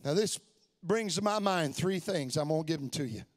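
A middle-aged man preaching a sermon, dropping to hushed asides and then shouting for emphasis, repeating phrases to drive them home. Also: a little high, lively intonation, moderate pace.

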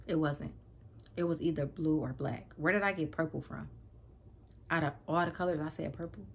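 A woman vlogger telling a story casually to camera, animated and emphatic, often repeating herself and addressing her viewers. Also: sits low, normal speed, slight background noise.

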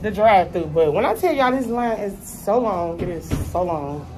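A chatty woman in her thirties talks straight to the camera in a loose, colloquial vlog. Her voice sits at an everyday middle pitch. A faint hum of noise runs under the recording. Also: lively intonation, normal speed. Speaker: vlogger. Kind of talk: casual chat to camera.

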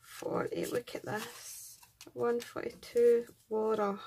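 A woman's voice: on the high side, flat delivery, takes it slowly, mellow. A Scottish woman hosting a craft channel, chatting casually and gushing as she unboxes and counts items aloud. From Scotland.

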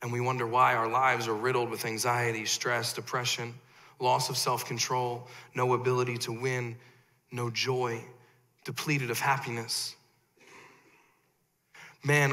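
A man preaching a sermon as pastor, impassioned, rising loud then dropping low. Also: long reverb tail.

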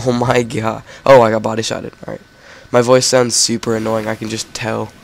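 A teenage boy who is sick, his voice cracking as he rambles through a casual game commentary and breaks into shouted frustration. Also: fairly low pitch, level tone, normal speed, creaky, few pauses, a little hiss or hum. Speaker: gamer.

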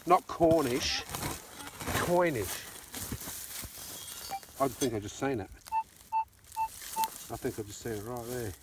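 A man's voice: mid-range voice, moderate pace, pauses often, noisy background. An Australian man hosting a metal detecting outing outdoors, chatty and joking, filmed on a phone. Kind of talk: casual chat. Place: dry field outdoors. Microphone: phone camera.

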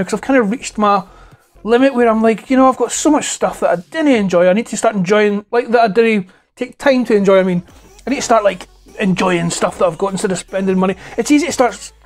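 A Scottish man in his forties, a toy collector vlogger, chats casually to camera about toys while indoors at home. He wears a clip-on lapel mic, and his high-pitched voice is hoarse and close to breaking as he rambles and swears freely.

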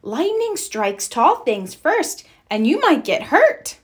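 A woman voicing a calm, protective mother fox in a storybook read-aloud. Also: high voice, slow pace, voice pushed up, full character voice. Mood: caring.

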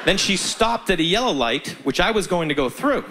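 A man's voice: sits high, fairly quick, background noise. A man doing stand-up, telling stories animatedly and acting out the people in them. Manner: animated, acts out voices in his stories. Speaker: stand-up comedian. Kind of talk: stand-up storytelling.

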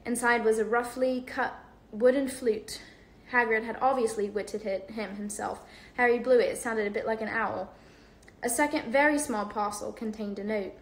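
Young woman reading a kids book out loud on her phone, pretty high voice, echoey room, laughs off her mistakes. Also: normal speed. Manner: relaxed, stumbles and laughs at her own misreads. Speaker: host. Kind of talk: casual storybook read-aloud on a livestream.

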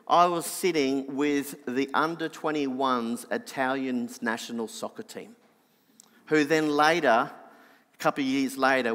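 A middle-aged Australian man with a nasal voice, telling a personal story in an animated sermon. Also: in a large hall. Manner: animated anecdotal, drops soft and low for reflection. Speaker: preacher.

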